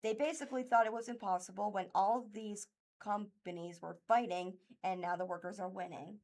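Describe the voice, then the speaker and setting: A woman reading local news articles aloud for a radio reading service, halting and stumbling over names and words. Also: medium pitch, steady tone, darkish tone. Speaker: volunteer news reader. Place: thrift store.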